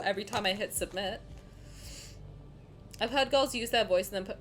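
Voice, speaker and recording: A woman streaming and chatting casually with her chat, animated and swearing freely, dropping to low mutters and then rising to loud outbursts. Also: moderate pace, long pauses. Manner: reads chat questions aloud and answers them.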